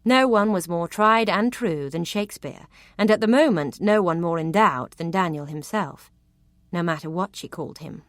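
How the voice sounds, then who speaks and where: Expressive woman reading a romance audiobook. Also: fairly low pitch, moderate pace, no room sound, clean studio sound. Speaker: audiobook narrator.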